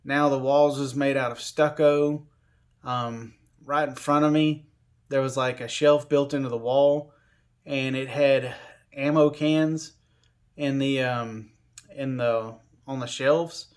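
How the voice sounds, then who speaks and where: A man recounting a personal experience in a loose, rambling way, with plenty of "you know" and "like." His voice sits at a middling pitch for a man. The delivery is everyday and unpolished. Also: fairly even intonation, slow pace. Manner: rambling, filler-heavy, conversational. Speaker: storyteller. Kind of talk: casual spoken storytelling.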